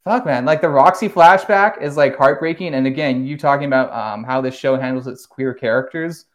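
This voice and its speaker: A man in casual podcast talk, recapping plot points with quick enthusiasm and easy laughs. His voice sits in a middle register and he drops the odd curse word when something excites him. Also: mid-range voice. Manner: animated recapper, swears, laughs often. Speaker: podcast host.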